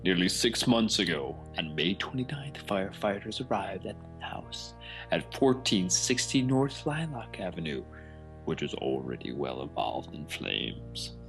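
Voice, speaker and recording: A man putting on the voice of a deep, dramatic male news announcer, slow and heavy, as a comedy podcast bit. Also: very animated, vocal fry, a bit bright, faint music behind, heavily acted, low-quality recording.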